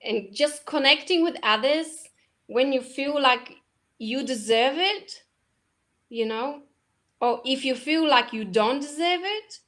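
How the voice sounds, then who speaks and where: Woman, high and unhurried, soft halting conversational delivery. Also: lively intonation. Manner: soft, halting, many restarts and laughs. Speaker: co-host. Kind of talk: casual spiritual conversation.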